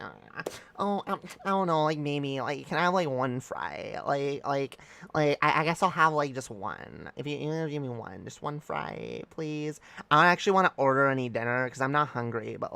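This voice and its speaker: A man's voice: medium pitch, lively intonation, moderate pace, vocal fry, no room sound. A man putting on a whiny valley girl. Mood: whiny, coy. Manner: soft, hesitant, filler-laden 'like' talk. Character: whiny young valley girl woman begging for fries.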